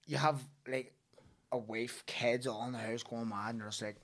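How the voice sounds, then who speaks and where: A man's voice: mid-range voice, fairly even intonation, moderate pace, fairly bright tone. A man with a Northern Irish accent, a podcast guest joking and swearing in casual chat.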